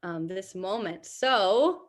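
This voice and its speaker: A woman's voice: medium pitch, lively intonation, takes it slowly, slight background noise. A young adult woman PE teacher presenting on a video call, upbeat and encouraging, with frequent fillers and little laughs. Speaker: PE and health teacher.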